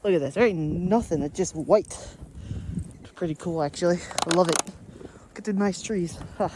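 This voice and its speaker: A woman's voice: fairly low pitch, normal speed, background noise. A woman, vlogging outdoors during a snowstorm, chatty and laughing often as she talks to her pets. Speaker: daily vlogger. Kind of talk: casual vlog chat while walking outdoors.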